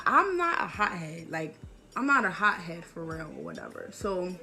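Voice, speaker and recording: Gravelly-voiced young woman telling a storytime. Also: on the low side, sing-song, moderate pace, music in the background. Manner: emphatic, slangy, repeats points for effect. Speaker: vlogger. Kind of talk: storytime vlog.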